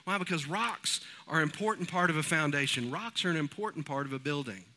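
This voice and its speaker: Bright-voiced pastor preaching. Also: male voice, on the high side, fast. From East Texas. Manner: folksy storytelling, animated. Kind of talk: sermon.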